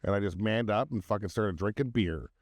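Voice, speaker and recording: A man's voice: fairly low pitch, a little fast, no room sound, studio quality. A man in his thirties co-hosting a podcast, telling profane stories in casual chat and slipping into voices for the people in them. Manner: profane, animated storyteller doing voices. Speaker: podcast co-host.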